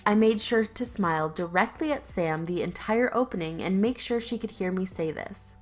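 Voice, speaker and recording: A YouTube story narrator reads online stories aloud in a woman's mid-range voice, at a moderate pace with hardly any pauses, faint music playing behind her. Her reading style is conversational and lightly sarcastic, sprinkled with casual asides.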